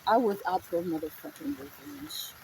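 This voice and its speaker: A woman's voice: a little high, animated, moderate pace, gravelly, slight background noise, rough recording. A woman telling a personal story in a raw, emotional, profane way.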